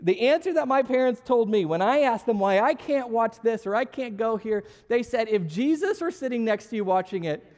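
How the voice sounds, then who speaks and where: A man with a high, light voice gives a relaxed, conversational sermon in a church auditorium. He is self-deprecating and jokes with the audience, and the sound trails off in a long reverb from the large hall. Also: a little fast, few pauses. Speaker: pastor. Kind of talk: casual sermon with audience questions.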